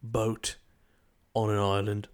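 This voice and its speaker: A man playing in a tabletop game, dropping deadpan comic asides. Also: lowish voice, takes it slowly. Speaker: player. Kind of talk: playful tabletop role-play banter.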